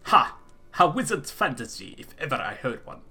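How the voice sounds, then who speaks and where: A man voicing a proud, wary tribal chieftain, reading game dialogue in a gruff, skeptical, weighty way. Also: fairly high pitch, sing-song, normal speed, pushed and bright, full character voice.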